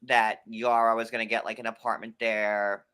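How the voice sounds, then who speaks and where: A man from New York hosting a casual recap chat, rambling and full of fillers, with sudden jumps in pitch. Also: level tone, moderate pace, sharp tone, clear, resonant tone. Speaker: podcast host.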